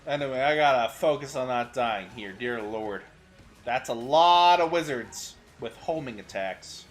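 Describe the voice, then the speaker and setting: A young man streaming a game, chatting with his viewers as he plays and breaking into sudden excited outbursts. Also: mid-range voice, a little slow, faint music behind. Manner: chatty, answers chat while playing, sudden excited outbursts. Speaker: VTuber streamer. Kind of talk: gaming livestream commentary.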